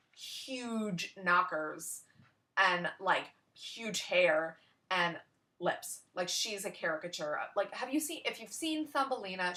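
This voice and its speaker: A woman's voice: lowish voice, fairly bright tone. A young woman telling a casual story in a rambling way, full of "like" and "you know".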